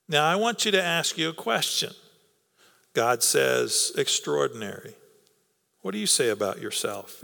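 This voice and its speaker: A man's voice: a little high, creaky, pushed and bright. A man preaching a sermon in an earnest, coaxing way, repeating words for emphasis. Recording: long reverb of a hall.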